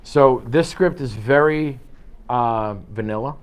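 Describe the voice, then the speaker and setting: A man coaching real estate agents through cold-call scripts in an office. He talks lively and animated, slipping into quoted voices for each side of a phone call. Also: mid-range voice, takes it slowly, clean tone. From United States. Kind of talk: office training talk.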